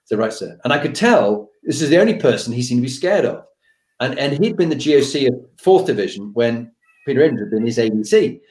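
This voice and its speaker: A middle-aged man, a podcast host being interviewed, telling an anecdote with animated delivery. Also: medium pitch, a little fast. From United Kingdom. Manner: animated, acts out the voices of the people in his stories. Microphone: video call. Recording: roomy echoey room.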